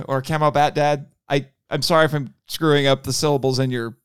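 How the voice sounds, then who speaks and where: Male podcast co-host from Indiana, higher voice, animated teller of stories. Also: normal speed, smooth, no echo, clean studio sound. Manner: animated storyteller, laughs often, acts out quotes. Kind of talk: casual chat.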